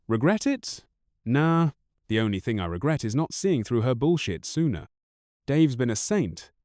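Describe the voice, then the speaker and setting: A man's voice: on the low side, a little mellow, no room sound, studio quality. A man in his thirties narrating a first-person story in a bitter, raw, profane way.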